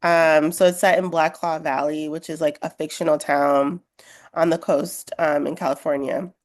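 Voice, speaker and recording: A woman author being interviewed on a podcast, sounding sleepy and talking in a relaxed, chatty way. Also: low voice, normal speed. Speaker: guest author. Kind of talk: casual interview.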